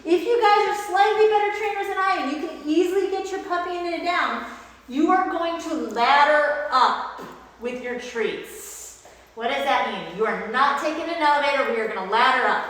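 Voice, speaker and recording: In an upbeat instructional demo, a woman dog trainer with a high-pitched, fairly bright voice explains at a moderate pace while praising a puppy. The audio has an echoey, hall-like quality with faint noise.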